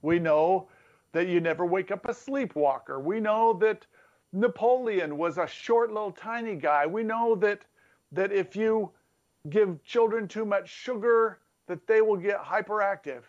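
A man's voice: high voice, unhurried, highs cut off. A man preaching a sermon as a pastor in a playful, conversational way, building through repeated phrases.

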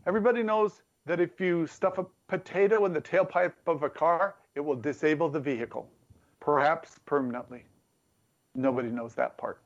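A man preaching with a slightly higher voice, talking with his listeners rather than at them. He plays with repetition and a teasing tone. The sound is dull and a bit muffled. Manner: conversational, playful, builds through repeated phrases. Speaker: pastor. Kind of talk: sermon.

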